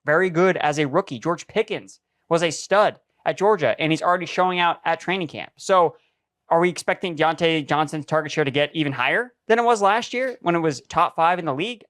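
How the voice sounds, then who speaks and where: A man talking through his reasoning in a steady, analytical way on a podcast. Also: on the high side, a little fast, dry recording, clean studio sound. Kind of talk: casual podcast chat.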